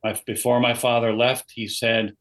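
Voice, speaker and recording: A man's voice: mid-range voice, little pitch movement, normal speed, a bit bright, low-quality recording. An older man giving a personal testimony as a guest in an interview, telling his story earnestly. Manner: earnest storytelling, quoting others.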